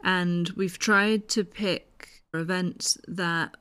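A woman's voice: fairly low pitch, steady tone, drawn-out words, a bit bright, clean tone. A woman presenting a podcast as a festival's online coordinator, chatting casually and enthusiastically and often laughing.

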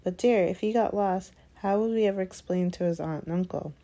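A woman's voice: lowish voice, brisk, dark tone, close to an everyday voice. A woman voicing a fussing, anxious middle-aged witch and mother, in a read-aloud story. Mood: fretful.

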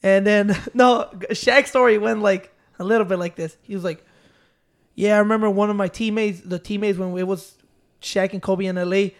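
High-voiced young guy rambling a story. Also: steady tone, moderate pace, smooth. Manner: rambling storyteller, laughs while telling. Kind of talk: casual chat.

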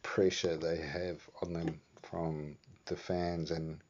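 A man's voice: deep voice, level tone, takes it slowly, darkish tone, a little hiss or hum. A man with a New Zealand accent hosting a vlog, rambling in a laid-back, casual way and swearing offhandedly. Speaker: vlog host. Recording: dull lo-fi sound.

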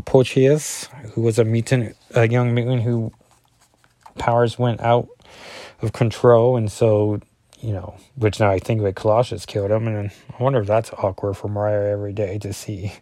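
Give me a man with a dark, low voice, recorded close and dry, talking through a comic issue in a loose, meandering review. He is a dad who keeps backtracking and correcting himself mid-sentence. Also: dry recording. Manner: rambling, with frequent fillers and self-corrections. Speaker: father. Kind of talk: casual solo review, reading through an issue.

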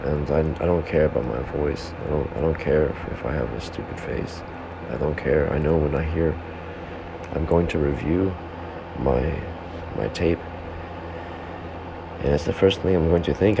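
A man with an extremely low, gravelly voice talks at normal speed, hosting a solo podcast from home. He rambles to himself in a monologue that keeps interrupting itself, heckling his own remarks along the way. A fan runs in the room, and its hum is audible in the background of the recording.

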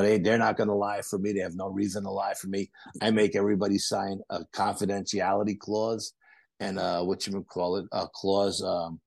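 A man, a podcast guest, telling animated stories in a casual interview and acting out other people's quotes. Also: on the low side, vocal fry, no room sound. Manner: animated anecdotes with acted-out quotes. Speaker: podcast guest, paranormal investigator.

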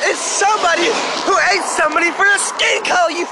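A man's voice: extremely high pitch, fast, background noise. A man throwing brash insults and goofy comebacks in crude joking banter.

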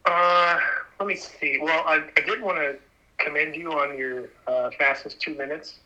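A man chatting as a podcast guest, halting and repeating words as he gathers his thoughts. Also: a little high, fairly even intonation, over a noisy crowd. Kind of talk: casual podcast chat. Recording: dull lo-fi line.

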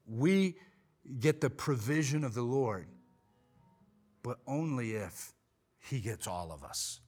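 A man preaching a sermon, telling a story in an animated way, his voice rising when he quotes himself and dropping low and quiet on the serious points. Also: takes it slowly, breathy edge, faint music behind. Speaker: pastor.

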